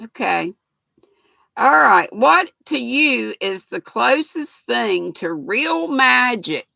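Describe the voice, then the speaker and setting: Gravelly Southern granny, slow drawl. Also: female voice, fairly high pitch, big pitch swings, sharp tone, no room sound. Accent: Southern US, North Carolina. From North Carolina. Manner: folksy, chatty, laughs often. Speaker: livestream host. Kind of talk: casual live chat reading viewer comments.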